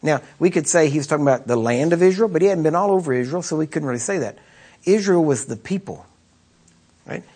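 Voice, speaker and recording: A man with a somewhat raised pitch and a husky, breathy edge preaches a sermon. He talks to the congregation as if in conversation, pressing his points with rhetorical questions and repeated phrases. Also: lively intonation, quick pace, dark tone. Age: adult with children.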